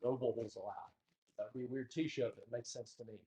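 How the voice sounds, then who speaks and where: A man teaching a dance class in a studio, talking casually and in an animated way, joking bluntly and swearing now and then. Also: mid-range voice, brisk. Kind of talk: casual instructional talk.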